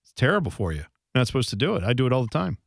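A man's voice: medium pitch, very animated, racing, gravelly, breathy edge, no echo, studio quality. A man co-hosting a radio show, joking around in casual banter. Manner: joking, puts on silly voices. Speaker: radio co-host.

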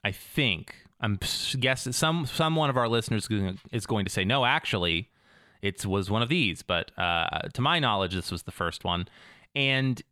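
A man co-hosting a podcast, chatting casually and thinking aloud in a measured way. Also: on the low side, expressive, sharp tone, no room sound, clean studio sound. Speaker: podcast co-host. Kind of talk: casual chat.

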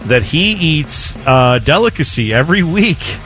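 Radio co-host, man, lively sing-song telling, jokey, faint music bed. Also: fairly high pitch, a little slow. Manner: jokey, storytelling, chuckling. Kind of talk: casual radio banter.

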